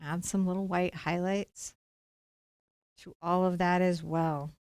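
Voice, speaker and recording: A woman's voice: lowish voice, fairly even intonation, slow, a little mellow, smooth, dry recording, studio quality. A woman leading a live-streamed painting lesson, talking playfully and encouragingly straight to her viewers. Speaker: painting instructor.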